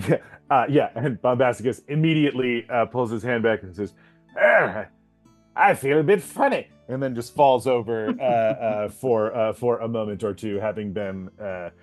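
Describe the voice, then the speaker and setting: Man, game master, tabletop game, halting, many fillers, laughs often. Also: fairly low pitch, fairly even intonation, a little mellow, soft background music.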